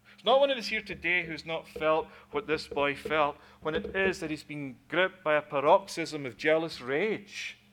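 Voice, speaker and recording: High-voiced earnest male preacher. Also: a bit bright. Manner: earnest, with halting repeated words. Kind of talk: sermon.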